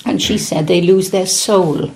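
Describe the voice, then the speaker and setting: A woman's voice: fairly low pitch, a little slow, creaky, mellow, slight background noise. A woman interviewing a small group, asking probing questions and often restarting them mid-sentence.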